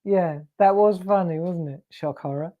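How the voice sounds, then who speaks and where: A woman's voice: lowish voice, moderate pace, phone-quality sound. An English woman hosting a live crafting show, telling rambling anecdotes and laughing often. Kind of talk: chatty storytelling while crafting.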